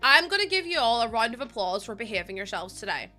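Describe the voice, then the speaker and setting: Bright-voiced young woman streaming. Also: on the high side, sing-song, quick pace, faint music behind. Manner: chatty, laughs often, reads chat aloud. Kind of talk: casual live-stream chat while gaming. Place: room at home.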